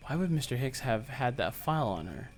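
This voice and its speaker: A man voicing a cool, composed male prosecutor, reading game dialogue aloud in a formal, measured way. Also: mid-range voice, very animated, soft background music, close to an everyday voice.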